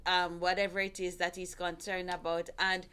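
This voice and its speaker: A woman's voice: lowish voice, little pitch movement, moderate pace, smooth. A woman hosting a family talk show, earnestly coaching couples on how to speak to each other. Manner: earnest, gentle, repeats herself while coaching. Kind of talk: casual advice talk.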